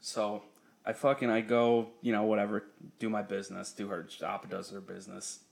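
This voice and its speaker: A man's voice: fairly low pitch, flat delivery, brisk, vocal fry. A young man co-hosting a podcast, telling a story in casual, profane chat and laughing often. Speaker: podcast co-host.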